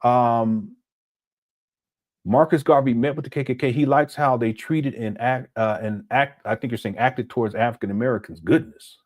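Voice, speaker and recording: A man's voice: medium pitch, moderate pace. A man hosting a live stream, talking conversationally and reading viewers' chat messages aloud as he reacts to them. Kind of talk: casual commentary live stream.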